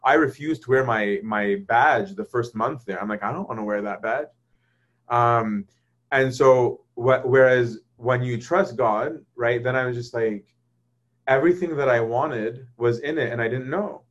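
A man teaching in a casual, conversational way. He keeps checking in with "right?" and acts out quoted thoughts in lively voices. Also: mid-range voice, a little slow, dull audio. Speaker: speaker leading a faith discussion.

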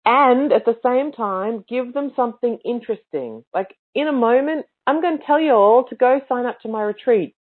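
Woman host, casual coaching talk, emphatic and expressive, narrow phone-like sound. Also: a little high, moderate pace, few pauses. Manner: emphatic, animated, with expressive inflections. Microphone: livestream mic.

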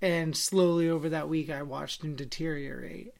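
A woman co-hosting a podcast in casual chat, telling stories candidly and acting out quoted lines loudly. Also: low-pitched, steady tone, moderate pace, creaky.

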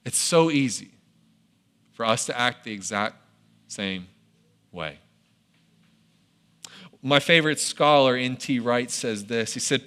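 A man preaching a sermon as pastor, telling a story with animated delivery and acting out the characters' quoted lines. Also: medium pitch, slow, pauses often.

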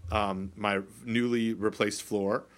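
Co-hosting a podcast from his office, a man makes casual chat that rambles, stays playful, and keeps breaking off to start again. His voice is lowish with little pitch movement, and he takes it slowly.

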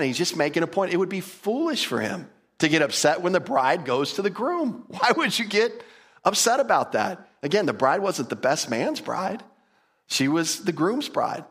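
A man teaching a Bible passage in a lively, conversational way, often repeating words and putting questions to his listeners. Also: fairly high pitch, husky. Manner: animated, enthusiastic, repeats words, asks the audience questions.

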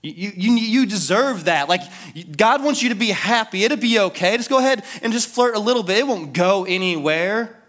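A man's voice: high-pitched, animated, moderate pace, few pauses, a bit bright, pitched above the performer's own voice. A male preacher voicing Satan as a sly tempter who coaxes and wheedles in a whispering tone.

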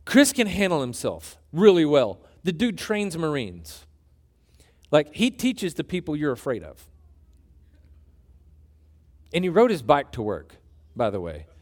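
A man preaching a sermon, telling a story with humor and building to emphatic points. His voice sits high for a man. His delivery is animated and earnest. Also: unhurried, long pauses. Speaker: pastor.

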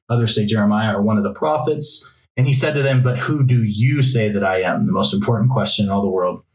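A male pastor preaching a sermon, reading Bible passages aloud and driving points home through emphatic repetition. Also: medium pitch. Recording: roomy echo, mic from a distance.

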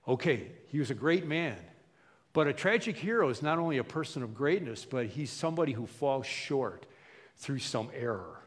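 A male pastor preaching in a casual, animated way, slipping into little voices for the people he quotes. His voice sits at an ordinary pitch for a man. A long reverb trails his words through a large hall. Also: normal speed. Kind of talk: sermon.

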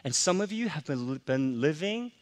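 A man's voice: a little high, very animated, moderate pace. A man preaching a sermon, a pastor who tells a heartfelt family story in an earnest, confessional way, with emotion that swells.

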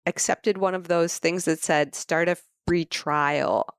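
A woman co-hosting a podcast in a casual group chat, tossing in wry, quick asides. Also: on the low side, fairly even intonation, clean tone.

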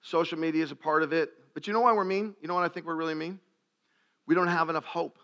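Preacher, male, high and bright tone, lively live-audience sermon with loud peaks. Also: fast talker, dull audio. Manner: asks the crowd questions, gets loud and shouting at climaxes. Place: live event before an audience.

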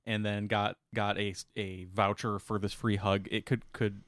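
A man's voice: lowish voice, little pitch movement, unhurried, fairly bright tone, no room sound, clean studio sound. A man co-hosting a podcast in casual comedic chat, dropping wry quips and interjections. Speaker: podcast co-host.

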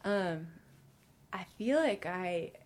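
A woman's voice: lowish voice, animated, drawn-out words, a little mellow. A woman guest on a podcast sharing her personal faith testimony, rambling with many fillers and restarts, emotional and laughing through near tears.

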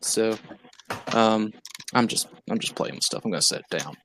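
Bright-voiced man rambling with fillers. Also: on the low side, moderate pace, a little hiss or hum. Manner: laughing, rambling, with many fillers. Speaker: podcast host. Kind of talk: casual chat.

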